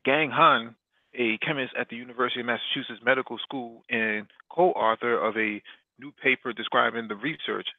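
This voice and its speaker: A man's voice: medium pitch, creaky, dry recording. Man reading news over a tinny line. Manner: reads with frequent restarts. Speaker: podcast host. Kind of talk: reading a news article aloud. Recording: dry, tinny phone-like line.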